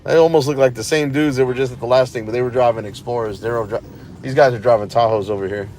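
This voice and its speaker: A man's voice: mid-range voice, steady tone, quick pace, a little mellow, slight background noise. A tired man vlogging from inside his parked car, rambling to viewers with sarcastic asides. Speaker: cop-watch vlogger. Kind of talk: casual running commentary to viewers.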